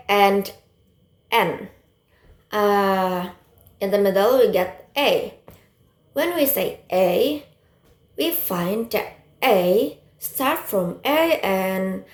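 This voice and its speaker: A young woman giving a classroom presentation, explaining plainly with hesitant fillers. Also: mid-range voice. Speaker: student presenter. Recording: roomy echo.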